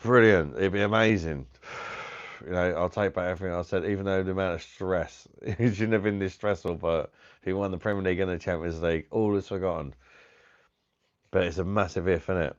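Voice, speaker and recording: A man's voice: low-pitched, fairly even intonation, fairly quick. A man hosting a live stream, chatting casually with viewers by name, laughing often and swearing freely. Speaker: live-stream host reviewing beer. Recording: dull lo-fi stream audio.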